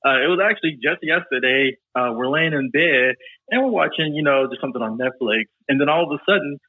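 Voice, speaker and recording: A man chatting casually as a podcast guest, telling animated stories and laughing often. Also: medium pitch, fast talker, dry recording. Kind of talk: casual chat. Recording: tinny phone-like line.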